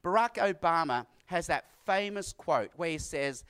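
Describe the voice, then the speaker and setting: A middle-aged man preaching an earnest sermon, repeating key lines with dramatic pauses. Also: a little high, lively intonation, a bit bright, smooth. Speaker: pastor.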